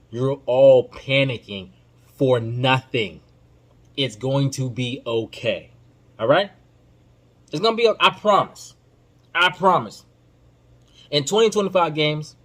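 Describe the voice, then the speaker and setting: A man hosting a podcast, giving casual basketball commentary in an emphatic, informal, slang-heavy way that swings between loud outbursts and low muttering. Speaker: podcast host.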